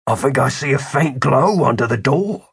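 A man's voice: medium pitch, expressive, moderate pace, slightly rough. A man voicing a suspicious male innkeeper in an audiobook, blunt and doubtful. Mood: wary.

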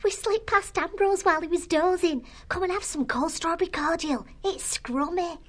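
A man voicing a giggly young female church mouse in an audiobook, bright and coaxing. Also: very high-pitched, normal speed, pitched above the performer's own voice. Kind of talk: audiobook reading.

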